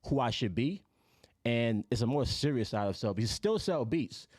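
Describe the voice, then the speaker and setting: A man's voice: medium pitch, lively intonation, moderate pace, darkish tone, no echo, studio quality. A man from Jamaica, a guest musician in casual podcast chat, laid-back and full of "you know".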